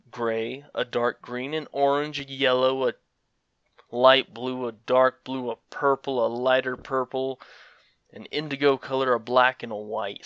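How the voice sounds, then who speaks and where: A man's voice: medium pitch, a bit bright, clear, resonant tone, no echo, lo-fi sound. A young man giving casual, rambling commentary on a fighting game, with frequent fillers and chuckles. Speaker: gaming commentator.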